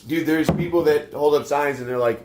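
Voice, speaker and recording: A man tells a rambling, profanity-laced story at a rapid clip, acting out what everyone said. The room around him rings with a noticeable echo. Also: on the high side, background noise. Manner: rambling, swears a lot, acts out quoted lines. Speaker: podcast guest. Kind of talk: casual storytelling chat. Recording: roomy echo.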